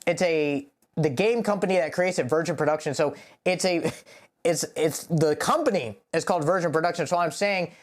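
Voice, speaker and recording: A man's voice: on the high side, normal speed. A man talking casually as a rapper, explaining the meaning of his own lyrics in a rambling, profane way, full of "like.". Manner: rambling, profane, heavy use of "like". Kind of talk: casual lyric breakdown to camera.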